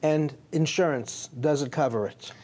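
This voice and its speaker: A man's voice: a little high, moderate pace, darkish tone. A man, a physician hosting a health interview, asking leading questions and summarizing. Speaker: physician host. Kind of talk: medical interview.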